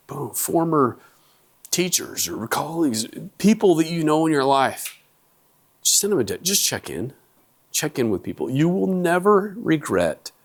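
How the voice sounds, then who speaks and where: A middle-aged man telling funny stories from the lecture stage. He speaks in an ordinary mid-range voice and swings up high whenever he acts out the voices of his kids and his wife. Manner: animated storyteller, acts out family quotes. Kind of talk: humorous public lecture. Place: lecture hall.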